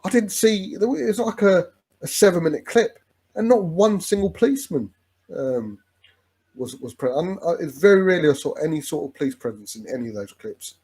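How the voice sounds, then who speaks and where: Chatty fan with a mellow voice. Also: male voice, on the high side, animated, brisk. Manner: chatty, rambling with many restarts, says "mate" a lot. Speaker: fan co-host. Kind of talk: casual football watch-along chat.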